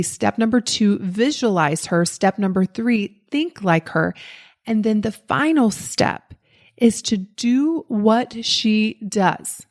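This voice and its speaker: Woman with a faint Southern US lilt. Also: medium pitch. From Southern United States. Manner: lively storytelling, acts out quoted voices. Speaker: podcast host and life coach. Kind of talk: motivational talk with personal story.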